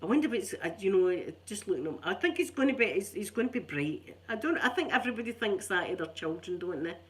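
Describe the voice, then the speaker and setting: A middle-aged Scottish woman who hosts an ASMR channel rambles in casual chat, chatty and self-mocking. Her voice is medium-pitched, expressive and quick.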